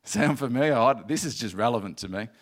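A man's voice: medium pitch, animated, quick pace. A man preaching a sermon in an earnest, repetitive way, rising to emphatic passages.

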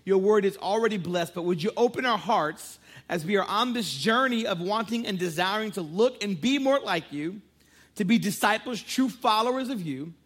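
A man's voice: high-pitched, lively intonation, moderate pace, a bit bright, husky. A man in his thirties, a pastor preaching a sermon, praying fervently and telling playful, joking stories about his family. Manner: playful, joking storyteller who prays fervently.

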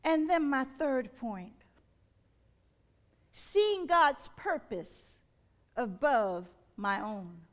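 A woman's voice: sits high, expressive, drawn-out words, pauses often. A woman preacher delivering an impassioned sermon, her voice swelling and dropping as she calls out questions to the congregation.

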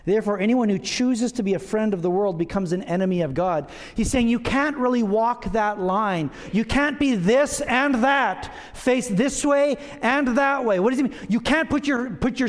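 High-voiced pastor in a reverberant hall. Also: male voice. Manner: conversational, self-deprecating humor. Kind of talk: sermon. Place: church sanctuary.

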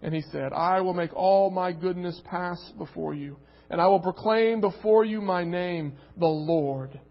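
A man's voice: high voice, measured pace. A man preaching a sermon and reading scripture aloud, earnest and emphatic, repeating words as he builds a point. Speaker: pastor. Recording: muffled recording with long reverb.

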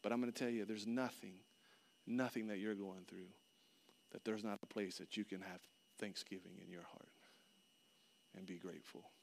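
A man preaching a sermon, telling a personal story with lively swings between loud outbursts and hushed, earnest passages. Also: lowish voice, normal speed, vocal fry, pauses often, a little hiss or hum. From Florida. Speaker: pastor.

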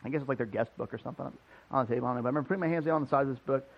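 A man preaching as a pastor, telling a personal story in a casual, animated way full of "like" fillers. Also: medium pitch, very fast, creaky, muffled recording. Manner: conversational, animated, many "like" fillers. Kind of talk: storytelling sermon. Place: church building.

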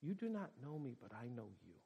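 A man voicing a wounded bearded man who speaks in a weak, quiet voice and begs forgiveness. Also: fairly high pitch, lively intonation, normal speed, muffled recording. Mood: pleading. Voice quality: weak, soft voice.

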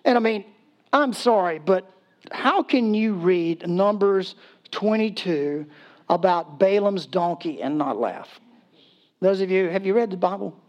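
A man's voice: sits high, measured pace, dull audio. A man preaching a sermon in a casual, humorous storytelling way, acting out voices and laughing as he goes. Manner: acts out voices in quotes, animated. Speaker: pastor.

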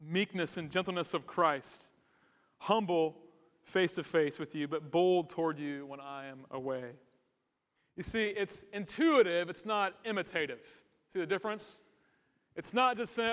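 A pastor preaching a sermon in an earnest, conversational way, mixing in humor. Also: male voice, fairly high pitch, measured pace, a bit bright, long reverb tail.

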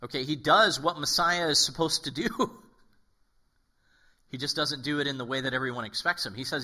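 A man's voice: fairly high pitch, normal speed. A male pastor giving a casual, conversational sermon, acting out quotes and often checking in with "okay?". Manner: animated, acts out quoted voices, frequent "okay?".

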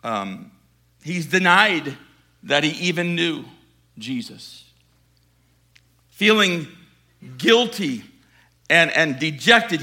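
A male preacher retelling a scripture story in a conversational sermon, dropping to quiet asides and building to emphatic passages. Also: fairly high pitch.

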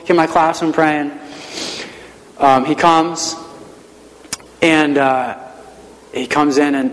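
A man who works as a schoolteacher, telling a personal testimony in an earnest, self-deprecating, conversational way. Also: on the high side. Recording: long reverb of a large hall.

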